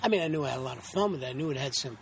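A man's voice: medium pitch, lively intonation, very fast, creaky, slight background noise. A middle-aged man, an actor, telling anecdotes in a casual interview, rambling with many restarts and acting out quotes.

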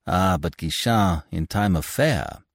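A calm, shrewd young doorkeeper of the troupe, voiced by a male narrator in a low, measured, reassuring tone. The storybook reading is close and dry. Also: creaky, dry recording, heavily acted.

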